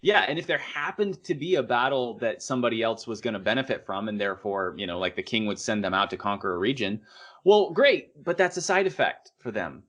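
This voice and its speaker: Chatty man in a relaxed podcast talk. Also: medium pitch, fairly quick. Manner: relaxed, chatty, agrees often with short yeahs. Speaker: podcast co-host. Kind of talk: casual anime podcast chat.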